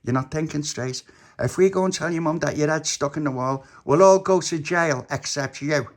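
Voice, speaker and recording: A man's voice: on the high side, normal speed, voice pushed up, natural voice. Scheming kid ringleader, bossy and self-justifying, voiced by a male storyteller. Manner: bossy, reasoning, self-defending. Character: scheming child ringleader who talks fast.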